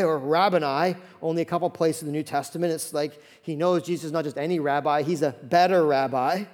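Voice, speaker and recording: A man in his thirties preaching a sermon as pastor, acting out the Bible figures in quick voices. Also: a little high, in a large hall. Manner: animated, acts out Bible characters in quick voices.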